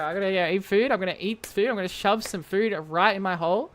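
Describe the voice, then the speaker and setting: A woman's voice: lowish voice, fast talker, hardly any pauses. Young woman, live-stream chatter, playful and rambling, faint music behind. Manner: playful, rambling, talks to chat. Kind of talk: casual live-stream chat.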